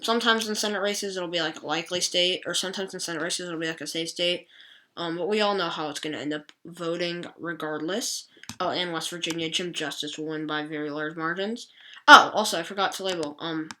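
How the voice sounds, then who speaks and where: A woman's voice: fairly low pitch, bright, forceful tone, slight background noise. A woman hosting an election prediction channel, talking casually through a map and often correcting herself and apologizing. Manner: rambling, self-correcting, apologetic asides. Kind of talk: casual screen-recorded commentary.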